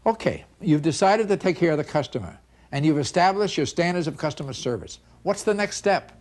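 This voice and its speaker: In a customer service seminar built around stories, an older man acts out conversations and breaks into laughter often. He talks a little fast, and his pitch is fairly high.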